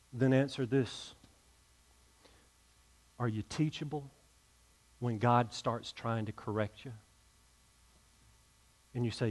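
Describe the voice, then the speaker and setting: A man's voice: mid-range voice, a little mellow. A male pastor, preaching a sermon and leading an invitation, earnest and emphatic, often repeating words as he builds.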